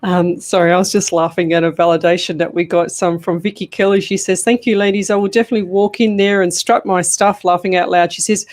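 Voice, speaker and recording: A woman's voice: on the low side, fairly even intonation, quick pace, hardly any pauses, a little mellow. A woman doing live psychic readings on radio, chatty and rambling, breaking into laughter often.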